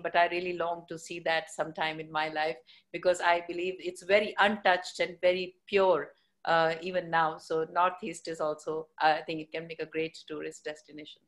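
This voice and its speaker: A middle-aged woman in fitness, answering interview questions thoughtfully with many pauses and fillers. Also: on the low side, a bit bright. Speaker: fitness professional guest.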